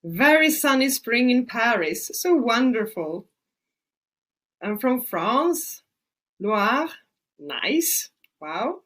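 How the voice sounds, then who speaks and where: Her delivery is sing-song and very slow, with frequent pauses, in a slightly high, fairly bright voice. She's a middle-aged Swede, native in Swedish, who works as an Ayurvedic practitioner and hosts a casual webinar, chatting with lots of fillers.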